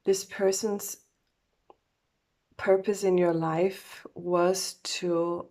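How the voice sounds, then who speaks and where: A woman's voice: fairly low pitch, level tone, drawn-out words, warm tone. A woman doing a casual oracle card reading, groggy from just waking up and talking hesitantly with many fillers and self-corrections.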